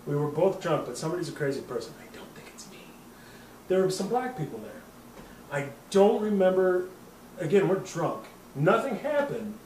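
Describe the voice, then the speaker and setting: A man's voice: sits high, sing-song, moderate pace, a little mellow, roomy sound, far from the mic, slight background noise, rough recording. A man in his thirties hosting a podcast, telling a rambling, profane drinking story and laughing at himself. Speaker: podcast host. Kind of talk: casual storytelling.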